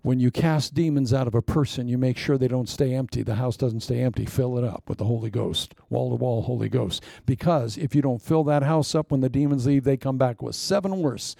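A man preaching a sermon in an animated way, asking the congregation rhetorical questions. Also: mid-range voice, brisk, vocal fry, few pauses, dry recording, clean studio sound.

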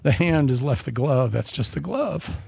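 A middle-aged man preaching a sermon, swinging between loud shouts and soft, hushed storytelling. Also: mid-range voice, animated, moderate pace, vocal fry, husky, no room sound. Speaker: pastor.

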